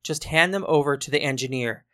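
A woman's voice: rumbling low, fairly quick. A woman voicing an exasperated male ticket clerk in a storybook.

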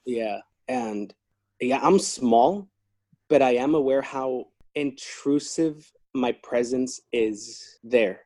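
Mellow husky man telling work stories. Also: mid-range voice, slow, no room sound. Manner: relaxed, chatty, talks through work stories. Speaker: corrections officer. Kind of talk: casual interview storytelling.

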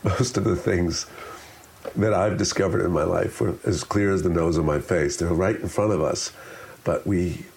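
A man's voice: deep voice, moderate pace, vocal fry. A man explaining public speaking as an interview guest, talking expressively and demonstrating different ways of saying things. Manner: expressive, demonstrates with shifting delivery.

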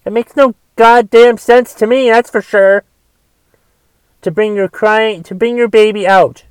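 A man's voice: high-pitched, fairly even intonation, measured pace, smooth, no room sound. A man delivering a solo rant, exasperated and swearing often as he talks. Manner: profane, exasperated ranting with restarts.

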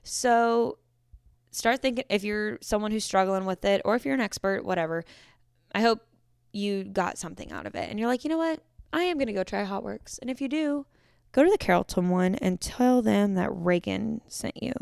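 Twenties woman rambling thru her podcast, bit of fry in the voice, smooth, dry close sound. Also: mid-range voice, animated, moderate pace, a little mellow, no room sound. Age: 20s. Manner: rambling, self-correcting, chatty. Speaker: podcast host. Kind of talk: casual solo podcast talk.

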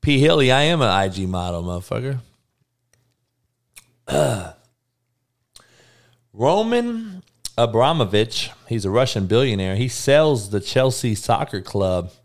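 A man's voice: mid-range voice, very animated, slow pace, long pauses. A young man hosting a live sports podcast, talking bluntly and rambling, with lots of swearing. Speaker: podcast host.

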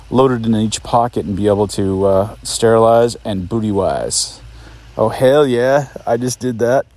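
Rambling joking man, low dry voice. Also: darkish tone, no echo. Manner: joking, self-mocking, scolds his dog. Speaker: podcast host on the road. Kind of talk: casual rambling monologue. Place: outdoors at a campsite in a state park.

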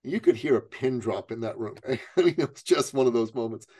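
Middle-aged guy from iran telling a story, mid pitch, dry close sound, gets real animated. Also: a little fast, husky, dry recording. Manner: animated storyteller, acting out quotes with big pitch jumps. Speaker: business coach and author. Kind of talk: storytelling in an interview.

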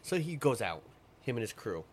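Man, mid-pitched, rambling and profane, casual storytelling, faint background noise. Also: big pitch swings, normal speed. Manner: rambling, profane, retells stories in quoted voices. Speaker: podcast guest.

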